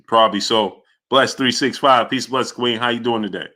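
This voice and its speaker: A man's voice: mid-range voice, normal speed, few pauses. A man hosting a live sports stream, reacting with disbelief, repeating himself and reading out viewer chat messages. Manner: animated, incredulous, repeats phrases. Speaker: sports channel host. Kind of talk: live-stream commentary reading super chats.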